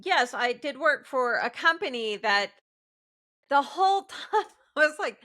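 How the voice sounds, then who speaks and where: A woman with a bright, slightly high voice co-hosts a casual talk show. She tells work stories in an animated way, laughs often, and slips into imitations of the people she quotes. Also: unhurried. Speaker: podcast co-host. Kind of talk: casual chat.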